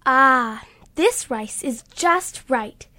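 A woman's voice: high voice, sing-song, extremely slow, mellow, dry recording, heavily acted. Goldilocks, a woman doing a whiny little girl. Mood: fussy. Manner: whiny, exclaiming, sighing. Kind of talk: storybook reading.

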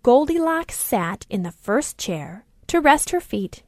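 A woman reading a children's story aloud, slowly and deliberately. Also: fairly high pitch, very animated, darkish tone, no echo, clean studio sound.

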